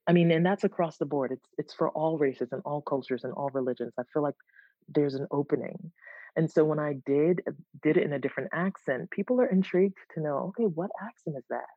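A woman guest chatting in an interview, animated and quick to laugh. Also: deep voice, dry recording. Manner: animated, laughs easily, restarts words. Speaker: guest, content creator. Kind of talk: casual interview chat. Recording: dull lo-fi, dry sound.

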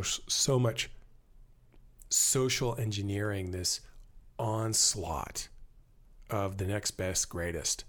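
Podcast guest, male, low voice, animated rambling storyteller. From born in Germany to American parents. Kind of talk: casual conversation.

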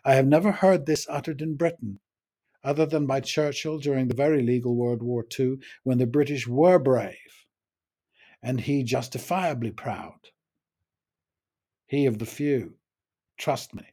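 A man's voice: medium pitch, unhurried, pauses often, mellow. A man in his sixties, raised in the United States, giving a wry, opinionated spoken essay on his own podcast.

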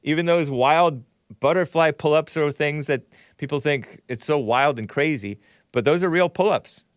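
A man's voice: fairly high pitch, moderate pace, no room sound, clean studio sound. A man from Southern California hosting a talk show, reading viewer messages aloud with wry, sardonic asides.

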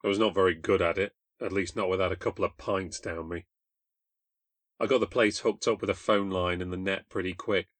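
Young man, low voice, dry close recording, sardonic ghost story narration. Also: no room sound. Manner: sardonic, bitter, deadpan. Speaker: podcast host and narrator.

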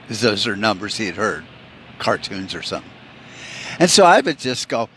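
A man's voice: lowish voice, animated, quick pace, fairly bright tone, a little hiss or hum. A middle-aged man hosting a podcast, telling rambling, profane stories in a casual monologue and slipping into quoted voices. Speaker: podcast host.

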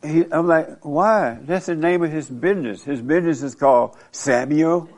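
A man's voice: a little high, moderate pace, darkish tone. An older man hosting a talk show, talking bluntly in a rambling storytelling way and often breaking into laughter. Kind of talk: casual opinionated talk.

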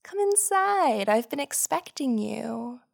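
A woman voicing a cheerful, cryptic old woman in an audio story, sweet and gently chiding. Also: fairly high pitch, big pitch swings, slow, gravelly, full character voice.

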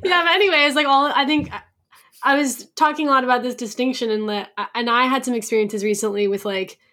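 A woman hosting a relaxed podcast conversation, her voice a bit high. She muses out loud as she goes, her sentences loose and filled with "like". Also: quick pace. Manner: reflective, frequent "like" fillers, laughs easily. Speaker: podcast host and newsletter writer. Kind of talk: casual conversational chat.

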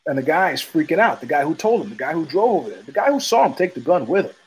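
A man's voice: fairly high pitch, sing-song, fast, slight background noise, rough recording. A man hosting his own show, telling stories in a blunt, profane, casual monologue and repeating phrases for emphasis. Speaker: podcast host.

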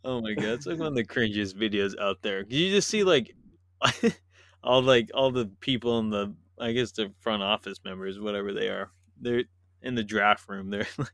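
A man's voice: on the low side, moderate pace, fairly bright tone, no echo, studio quality. A man co-hosting a casual sports podcast, talking animatedly, laughing and acting out imagined quotes. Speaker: podcast co-host.

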